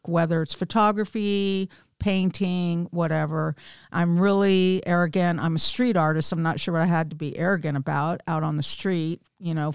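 A woman's voice: lowish voice, clear, resonant tone, no echo, studio quality. A woman in her fifties, a small group leader, candidly telling a personal faith story with self-deprecating humor. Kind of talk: personal testimony in casual chat.

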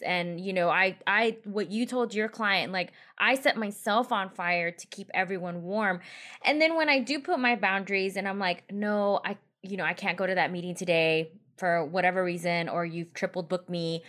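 A woman's voice: mid-range voice, fairly bright tone. A woman hosting a podcast, talking in a reflective, candid way as she sets up a question. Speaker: podcast host. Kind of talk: podcast interview.

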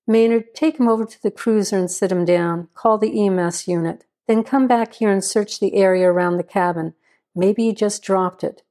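A woman voicing a frustrated middle-aged male sheriff who gives brisk orders, in a story reading. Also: medium pitch, fairly even intonation, mellow, close to an everyday voice. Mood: commanding. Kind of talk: audiobook reading.

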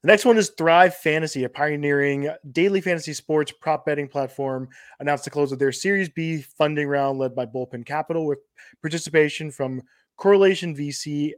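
A man's voice: fairly high pitch, brisk, no room sound. Dry-sounding man hosting a podcast. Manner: hesitant, repeats himself, reads lists of funding rounds. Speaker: podcast host. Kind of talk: casual sports chat and news reading.

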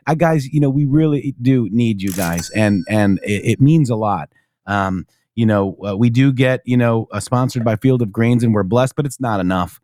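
A man hosting a casual political talk show, reading news aloud in a high, animated voice and dropping low and mumbly when thanking viewers. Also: normal speed, no room sound, studio quality. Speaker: show host.

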